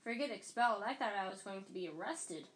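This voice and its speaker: A woman's voice: mid-range voice, lively intonation, fairly quick, natural voice. A woman voicing a young schoolboy who sounds plain and a little sheepish, in a storybook reading.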